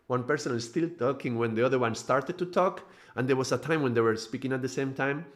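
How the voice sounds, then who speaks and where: A middle-aged spiritual teacher from Spain, a native Spanish speaker with a strong accent, gives a casual live-streamed talk. His voice is medium-pitched, and he tells stories quickly and animatedly, laughing often and restarting his sentences.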